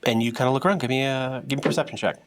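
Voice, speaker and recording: A man's voice: mid-range voice, rapid-fire, faint music behind. A man narrating as game master, describing scenes loosely and chuckling between lines.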